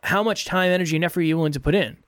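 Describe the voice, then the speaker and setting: A man's voice: on the high side, racing, a bit bright, dry recording, studio quality. A man hosting a podcast, giving earnest, repetitive motivational coaching advice in a solo talk.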